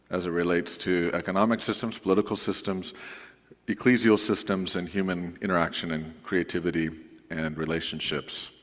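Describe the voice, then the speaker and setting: Male pastor w a lowish voice chatting to his church, long echo off the sanctuary walls. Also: fairly bright tone. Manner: conversational and folksy, with asides to the congregation. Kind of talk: sermon announcements.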